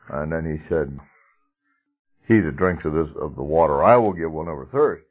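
A man's voice: a bass voice, a little slow, pauses often, slightly rough, dull audio. A man preaching a sermon in a conversational, emphatic way, chuckling now and then.

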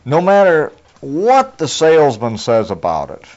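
A man's voice: on the high side, huge pitch swings, measured pace, a little mellow. A man preaching a conversational sermon in a folksy, homespun way, often chuckling as he talks. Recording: dull lo-fi recording.

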